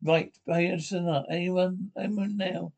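A man's voice: sits high, fairly even intonation, unhurried, gravelly, darkish tone, highs cut off. A man reading a drama aloud, announcing its sound cues and speaker tags between the lines.

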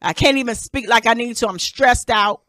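A woman's voice: a little high, moderate pace, fairly bright tone, dry recording. A woman hosting a casual talk podcast in a small studio, blunt and exasperated, swearing freely as she talks. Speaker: radio and podcast host. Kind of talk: casual talk show banter. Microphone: studio mic.

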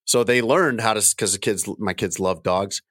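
A man's voice: lowish voice, normal speed, a bit bright, no room sound, studio quality. A middle-aged man co-hosting a casual podcast chat, rambling and repeating phrases as he tells a travel story. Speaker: podcast co-host.

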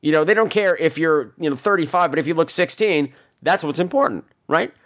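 Male podcast host, lively, swinging delivery; casual, profane storyteller who acts out the people in his stories. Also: fairly high pitch, fairly quick.

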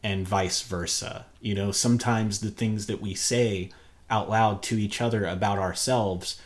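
A man's voice: fairly low pitch, steady tone, measured pace. A man co-hosting a podcast, talking about relationships in an earnest, reflective way. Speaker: podcast co-host. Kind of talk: candid relationship podcast talk.

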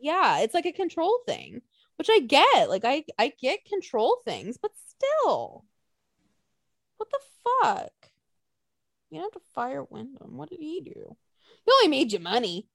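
A young woman rants through a casual podcast chat, cursing freely and slipping into mocking quotes. Her voice sits high and swings widely in pitch, and it is recorded dry and close. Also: a little slow, creaky, no room sound. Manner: animated, profane ranting with mocking quotes. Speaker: podcast co-host.

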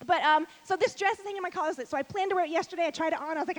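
A young adult woman speaking on stage at a women's event, fast-talking, chatty and self-deprecating as she addresses the audience. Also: very high-pitched. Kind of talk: lively stage talk to an audience.

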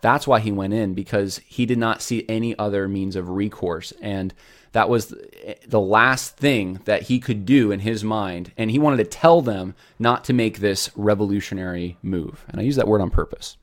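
A man's voice: fairly low pitch, moderate pace. A man hosting a casual commentary show, earnest and rambling with many restarts.

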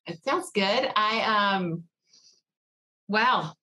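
A woman's voice: medium pitch, lively intonation, extremely slow, sharp tone. A woman from Georgia with a Southern accent, a podcast guest chatting casually and telling stories with frequent laughs. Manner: chatty storyteller, laughs often. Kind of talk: casual interview chat.

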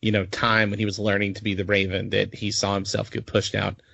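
A man's voice: lowish voice, monotone, fairly quick, gravelly, fairly bright tone, husky, no room sound. A man in a casual podcast chat, matter-of-fact and laid-back.

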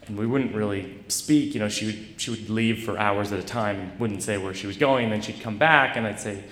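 A man telling a personal story to a live audience with a rambling, self-deprecating delivery full of halting restarts. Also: lowish voice, a bit bright. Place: stage in a large hall. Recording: echoey live hall recording.

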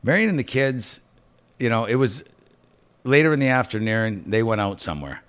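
A man co-hosts a podcast, telling stories casually, profanely, and with animation. His mid-range voice has a clean tone and moves at a normal speed in this casual chat.

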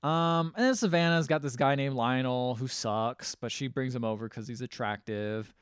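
Brief: male podcast co-host, mid pitch, close dry sound, loose rambling recap. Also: normal speed, smooth, dry recording. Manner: rambling retelling full of fillers and acted quotes. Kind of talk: casual movie recap chat.

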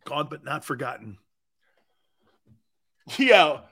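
A man in his sixties hosting a sports talk show, telling loud, profane stories with frequent laughs. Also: fairly high pitch, sing-song, slow, husky.

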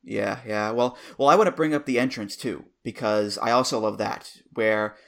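A man's voice: fairly low pitch, normal speed, gravelly, fairly bright tone. A man in his thirties co-hosting a podcast, chatting casually and enthusiastically, laughing easily as he reminisces. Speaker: podcast co-host. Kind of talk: casual chat.

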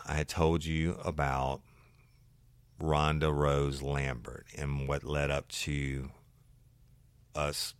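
A podcast host with an extremely deep, low voice. He tells a true-crime story in a folksy, rambling, enthusiastic way. His voice sounds dry and close to the mic. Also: clear, resonant tone, dry recording. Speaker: podcast host, former detective.

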